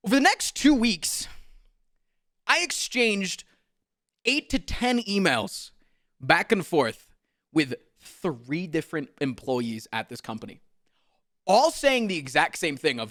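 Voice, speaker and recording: Fired-up male streamer, lively swinging pitch, bright voice, soft music under. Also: moderate pace, dry recording. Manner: exasperated, swearing, mocking voices. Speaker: streamer telling a story. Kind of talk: animated storytime rant.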